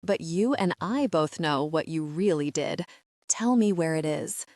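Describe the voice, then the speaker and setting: A woman's voice: deep voice, lively intonation, a little slow, darkish tone, dry recording, studio quality. Woman playing a menacing female reaper.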